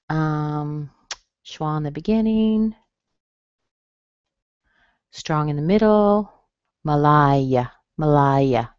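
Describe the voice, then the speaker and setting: Lady teaching pronunciation online, slow careful syllables, kinda dull dry audio. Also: on the low side, a little mellow, clear, resonant tone, dry recording. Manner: slow, careful, over-enunciated demonstrations of stress. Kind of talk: webinar lesson.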